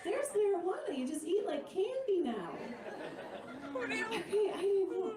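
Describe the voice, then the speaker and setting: Woman comedian, stand-up set, laughing through punchlines, high voice, echoey stage mic from a distance, loud crowd behind. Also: sing-song, a little slow. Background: loud audience noise.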